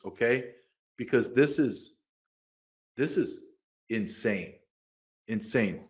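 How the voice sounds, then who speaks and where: A man co-hosting a podcast in casual chat, animated and quick to get excited, sometimes reading quotes aloud. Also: medium pitch. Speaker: podcast co-host.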